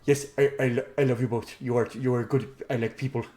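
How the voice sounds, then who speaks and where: A man voicing an excitable, happy male war dog who speaks in short, eager, repeated phrases. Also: mid-range voice, brisk, close to an everyday voice. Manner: eager, simple, repetitive speech.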